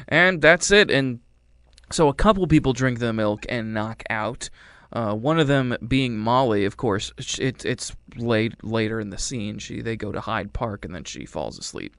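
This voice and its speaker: Rambling and wry, a male movie reviewer casually walks through a movie's plot, voicing lines in silly impressions. His medium-pitched voice is gravelly, a bit bright and smooth, with lively intonation at normal speed. There's no room sound.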